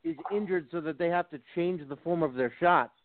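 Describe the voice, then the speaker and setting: A man with a high voice speaks fast and keeps jumping in during a casual sports chat. His voice comes through a thin, phone-like line with a dry sound. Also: no echo. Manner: quick, chiming-in remarks.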